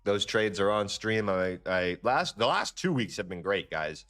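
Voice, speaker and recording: A young man hosting a live trading stream, chatting casually and ranting in a slangy, profane, animated way. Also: measured pace. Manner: animated, slangy and profane, with lively jumps in pitch. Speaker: livestream trading host. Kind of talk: casual livestream chat and rant.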